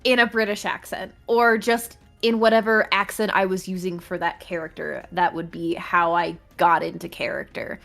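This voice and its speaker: A woman's voice: fairly low pitch, level tone, moderate pace, gravelly, hardly any pauses, fairly bright tone, faint music behind. A woman talking casually on a live stream about how she got into character for a tabletop game, in an easygoing manner.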